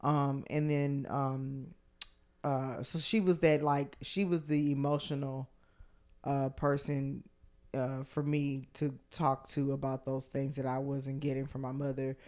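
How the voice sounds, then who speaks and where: A woman comedian as a podcast guest, telling stories in casual chat, acting out quotes and swinging from hushed to loud, with lots of fillers. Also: a bass voice, measured pace. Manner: animated storyteller who acts out quotes with big swings from hushed to loud; filler-heavy speech with many likes and restarts.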